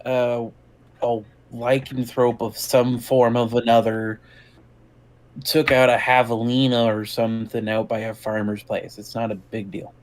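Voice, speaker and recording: Male player, mid pitch, blunt and profane, casual. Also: level tone, unhurried, poor audio. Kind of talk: casual tabletop game chat.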